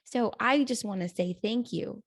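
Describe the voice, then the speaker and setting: A woman's voice: on the high side, normal speed, dry recording. Woman podcast host, reflective, affirming, dry close sound. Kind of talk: podcast interview.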